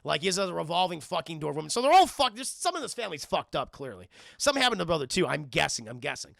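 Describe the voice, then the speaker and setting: A man's voice: on the high side, sing-song, very fast, vocal fry, a bit bright, dry recording, studio quality. A man streaming a casual, profane spoiler recap of a film and rambling to his live chat.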